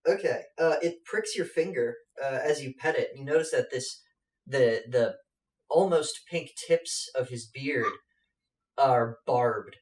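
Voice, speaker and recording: A man narrating a tabletop game as game master, halting with lots of fillers. His voice rings off a roomy space. He sits some distance from the mic. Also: medium pitch. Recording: echoey room, off-mic.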